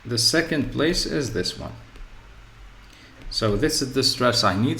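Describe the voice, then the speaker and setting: A man teaching English word stress in a slow, repetitive lesson, often pausing with "okay" and "so". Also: mid-range voice, lively intonation, gravelly, sharp tone. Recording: echoey room with faint ambient noise.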